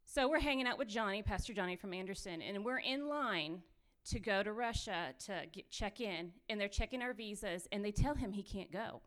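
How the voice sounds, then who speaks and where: A woman telling her own mission trip story with lively, run-on phrasing, laughing often as she goes. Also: medium pitch, normal speed, few pauses. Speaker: missionary sharing testimony. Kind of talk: animated personal storytelling.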